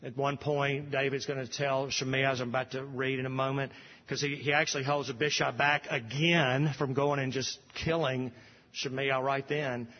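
A pastor preaching a sermon, rising to emphatic repeated refrains, recorded from a distance in a church sanctuary. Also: male voice, mid-range voice, flat delivery, normal speed, long reverb tail, dull audio.

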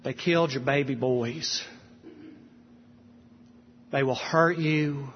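A man's voice: medium pitch, slow pace, slight background noise. A man preaching a sermon with passion, lifting his voice when he quotes scripture. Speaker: pastor. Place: church sanctuary. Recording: dull sound with long hall reverb.

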